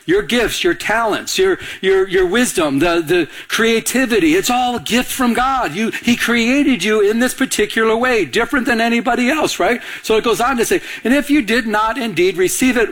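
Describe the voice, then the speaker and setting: A male pastor with a high, bright-edged voice delivers a lively sermon in a church. He keeps the congregation involved, pausing so they can call out the missing word. His delivery swings between playful and earnest. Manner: animated, asks the congregation to fill in words. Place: church before a live congregation.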